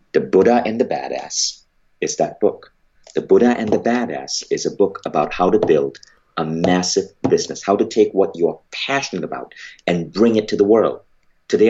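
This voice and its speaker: A man's voice: low voice, a little mellow, muffled recording. A man, an entrepreneur, telling a motivational story about his business and book, emphatic and blunt, with casual swearing.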